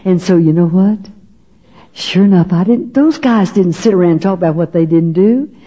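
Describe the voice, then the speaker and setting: A woman's voice: lowish voice, moderate pace, warm tone, slightly rough. An older woman telling her personal testimony to an audience in a folksy, storytelling way. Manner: folksy storyteller, often asks "you know what?". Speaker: speaker giving her testimony. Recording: dull lo-fi recording.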